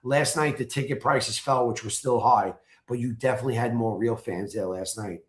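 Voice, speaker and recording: A man in casual chat, excitedly telling a story and acting out his own shouted chants. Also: mid-range voice, normal speed. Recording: roomy echo.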